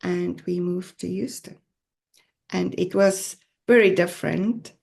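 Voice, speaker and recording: A woman from South Africa with a South African accent, a podcast guest telling her own story in an earnest, reflective way, with soft laughs. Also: on the low side, fairly even intonation, slow, gravelly. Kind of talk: personal storytelling interview.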